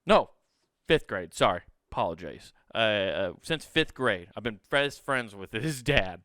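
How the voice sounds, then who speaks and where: A man in his thirties from Sioux City in the US Midwest hosts a podcast, telling a comedic story in which he mocks himself and swears freely. His voice is on the low side, animated, a little slow and fairly bright, in a studio-quality recording with no room sound.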